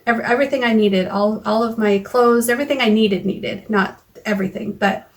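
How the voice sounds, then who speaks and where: A woman vlogging into her phone, recounting a frightening argument in a halting way, with many restarts and quoted lines of dialogue. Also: fairly high pitch. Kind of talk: personal recap vlog. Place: car or home.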